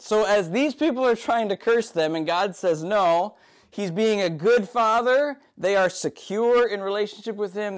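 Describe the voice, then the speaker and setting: A man with a fairly high-pitched voice delivers a sermon as the preacher. He talks in a loose, conversational way and keeps checking in with his listeners. When he retells the story, he slips into the characters' voices. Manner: conversational, often tags "right?". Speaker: pastor.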